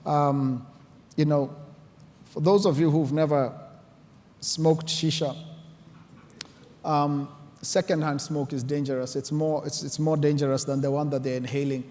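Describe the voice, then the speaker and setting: A man's voice: on the high side, steady tone, unhurried, long pauses, a little mellow. A man giving an earnest conference talk, telling stories and building to emotional points. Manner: earnest, storytelling, emotional emphasis. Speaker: conference speaker. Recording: long hall reverb.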